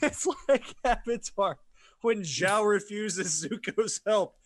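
A man with a notably high voice, co-hosting a casual podcast. He mostly drops in short, wry remarks and jokes while the others talk. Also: slow pace, a bit bright, dry recording. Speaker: podcast co-host. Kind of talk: casual chat.

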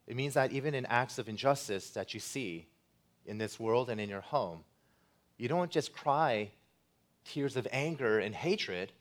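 A man preaching a sermon as pastor, earnest and building to loud, emphatic passages. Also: lowish voice.

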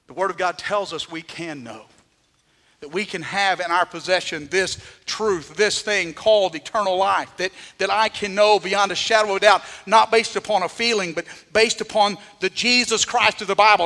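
A man's voice: high voice, sharp tone, in a large hall. A man preaching a sermon as pastor, dramatically acting out the voices he quotes, in a church.

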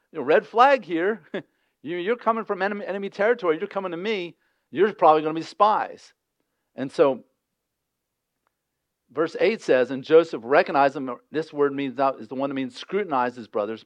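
A man's voice: fairly high pitch, no room sound, highs cut off. A man preaching a sermon in a conversational way, acting out the voices of the people in the story as he explains it. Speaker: pastor.

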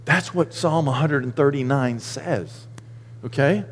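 A man preaching a sermon as pastor, animated and folksy with joking asides. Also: mid-range voice, a little slow, husky. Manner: animated preaching, rising loud for emphasis. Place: church sanctuary. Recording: long hall reverb.

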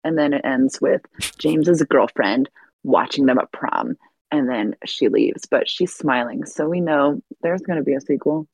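An enthusiastic woman rattles through a story on a casual podcast, laughing as she goes. Her voice sits at an ordinary pitch and sounds close and dry, with no room around it. She bounces between narration and quick put-on lines. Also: slightly rough, no echo, poor audio. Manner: enthusiastic, animated plot summary with frequent laughs. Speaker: podcast co-host.

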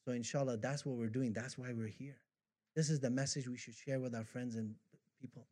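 A man's voice: mid-range voice, steady tone, brisk, a little mellow. A man preaching a devotional sermon, reciting poetry with fervor and repeating himself as the feeling builds. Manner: impassioned, rising to fervent recitation of poetry.

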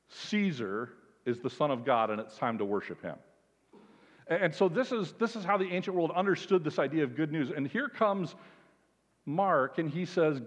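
A man, a pastor, delivering an emphatic, animated sermon with lots of repetition. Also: on the high side. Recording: dull sound, long hall reverb.

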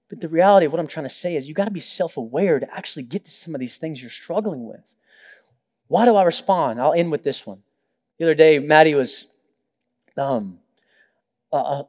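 A young male pastor delivers a sermon with a noticeably high voice. He tells personal stories, acts out quotes and tosses in joking asides. The sound rings with the long reverb of a large church hall. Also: a little mellow.

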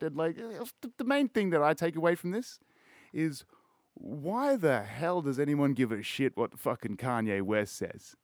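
A man's voice: fairly high pitch, lively intonation, a little slow, dry recording, clean studio sound. Laid-back, foul-mouthed Australian man. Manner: rambling, swears constantly, laid-back. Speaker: podcast host. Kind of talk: casual chat.

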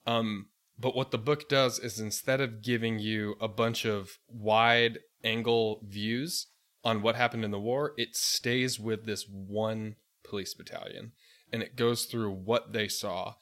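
Grave man, lowish voice, storytelling. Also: fairly even intonation, a little slow, fairly bright tone. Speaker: podcast co-host. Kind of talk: casual podcast discussion.

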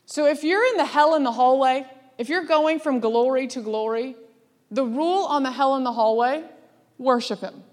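A woman preaching a sermon in a lively, laughing way, acting out the voices she quotes. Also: high voice, normal speed. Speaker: speaker. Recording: long hall reverb.

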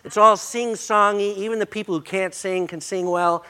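Older man, high-voiced preacher, folksy and jokey, a bit hoarse from a cold. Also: moderate pace. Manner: folksy, joking, energetic. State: voice breaking, slightly hoarse. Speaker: pastor. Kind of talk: sermon.

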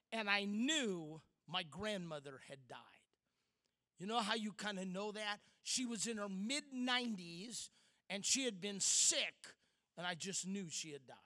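A middle-aged man giving a sermon, telling a personal story with dramatic pauses and swings from loud to hushed. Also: high voice. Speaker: speaker.

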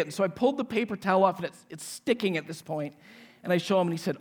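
A pastor in his forties preaches with a fairly high voice. He tells a personal story, acting out each person's lines with animation before turning to scripture. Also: fast talker. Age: 40s.

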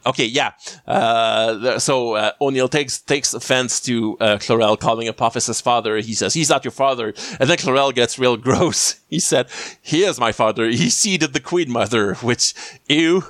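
A man's voice: medium pitch, fairly bright tone, no room sound, clean studio sound. A man casually recapping a TV episode as a podcast host, rambling with lots of fillers and restarts. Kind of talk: casual chat.

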